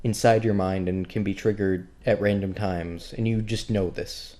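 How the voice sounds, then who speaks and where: A man's voice: fairly low pitch, fairly even intonation, moderate pace, dark tone. A man running a tabletop game as game master, narrating scenes in a joking, loose way.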